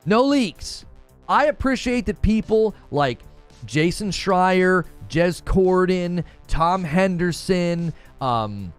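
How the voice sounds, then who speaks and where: A man hosting a casual livestream, chatting excitably, repeating himself and reacting to his chat. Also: sits high, slow pace, smooth, soft background music. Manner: animated, excitable, repeats himself, shouts when cheering. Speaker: livestream host.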